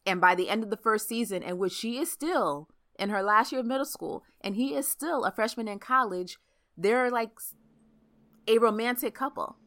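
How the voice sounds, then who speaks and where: A woman talking in a casual podcast chat, animated and full of fillers. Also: a little high. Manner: animated, talks fast with frequent fillers.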